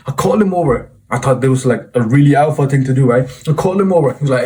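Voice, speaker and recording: A young self-improvement vlogger tells a personal story to camera, informal yet reflective and earnest, peppering his talk with "bro." His mid-range voice is animated, quick and darkish, with few pauses.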